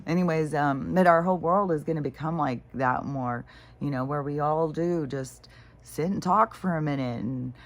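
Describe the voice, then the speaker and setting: A woman talking casually in a meandering monologue, full of fillers and quoted asides, laughing often. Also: deep voice. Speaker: vlogger.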